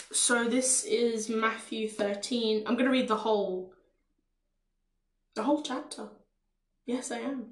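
A woman with a Caribbean accent teaches in a loose, unhurried way, reading a scripture passage and breaking off for little asides and fillers. Her voice sits a bit high, and the room around her is noticeably echoey. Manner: relaxed, with frequent fillers and self-asides. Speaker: podcast preacher.

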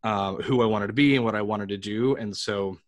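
A fairly low-voiced man from New York chatting as a podcast guest. He tells stories animatedly and restarts his sentences often. His pacing is loose and conversational. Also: fairly quick. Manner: animated storyteller, frequent restarts. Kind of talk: casual interview chat.

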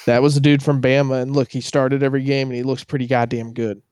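A man's voice: medium pitch, level tone, fast talker, a little mellow, no room sound, studio quality. A man co-hosting a casual sports chat, ranting animatedly and swearing freely. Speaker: podcast co-host.

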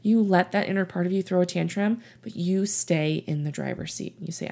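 A woman hosting her own self-help podcast, talking gently and encouragingly to her listeners as a coach. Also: fairly low pitch, moderate pace, creaky, few pauses.

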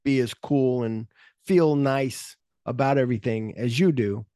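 Laid-back man with a dark, mellow voice. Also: mid-range voice, no room sound, clean studio sound. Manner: retells scenes with quick offhand impressions of characters. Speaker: podcast host. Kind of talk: casual movie discussion podcast.

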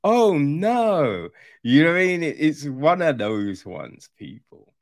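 A man rants his way through a casual review, sarcastic and openly incredulous, swearing as he goes. His voice sits a little high and swings widely in pitch, while the delivery stays slow and drawn out. The sound is close and dry, with no room around it. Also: big pitch swings, dry recording. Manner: rambling with restarts and frequent "right?". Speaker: film reviewer.

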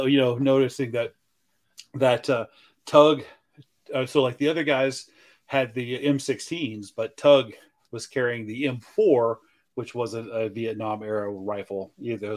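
A man co-hosting a casual movie podcast, talking in rambling, filler-heavy runs with many restarts. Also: medium pitch. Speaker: podcast co-host. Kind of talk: casual movie-review chat.

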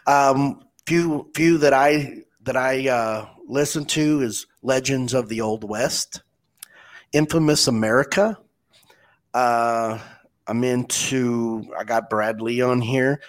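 A man's voice: medium pitch, fairly even intonation. A man hosting a podcast in casual chat, often stumbling and repeating words as he tells stories. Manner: halting, repeats words while telling stories. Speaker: podcast host.

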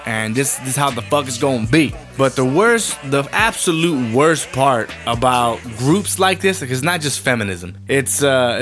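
Guy venting hard, cusses every other word, kinda higher voice, faint music behind. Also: fairly bright tone. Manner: heated, rambling, swears constantly, trails off and restarts. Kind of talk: profane casual rant.

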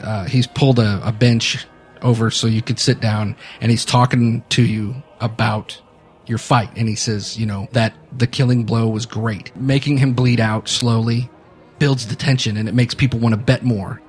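A man narrating a tabletop game as game master, halting and full of restarts. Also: mid-range voice, fairly even intonation, a little mellow, soft background music.

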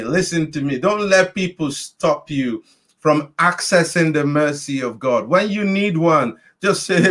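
Guy preaching real slow, leading a prayer, repeats lines over and over. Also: a little high, fairly bright tone. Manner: repetitive, exhorting, rhythmic preaching cadence. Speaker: pastor leading an online prayer meeting. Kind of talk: sermon with prayer.

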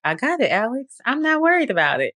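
A woman voicing God as a calm, patient, reassuring presence. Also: on the high side, quick pace, voice pushed up.

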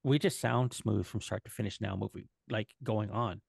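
A man co-hosting a podcast live, talking casually with many halting restarts and fillers. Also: on the low side, vocal fry, breathy edge, dry recording, studio quality. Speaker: podcast co-host and editor. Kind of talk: casual live-stream chat.

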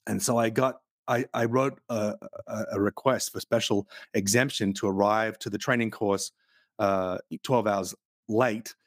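A man's voice: on the low side, steady tone, unhurried, no echo, clean studio sound. A man hosting a podcast, telling vivid anecdotes in casual chat with some swearing. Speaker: podcast host.

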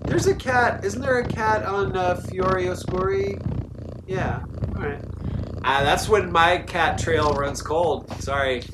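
A man co-hosting a relaxed, chatty conversation about music, laughing easily. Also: high-pitched, unhurried, background noise. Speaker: co-host. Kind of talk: casual chat about music.

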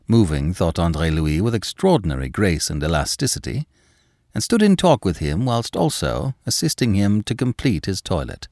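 A man narrates a classic novel in a measured, expressive style. His voice is low and deep, with wide, lively swings in pitch, recorded dry and close with no room echo.

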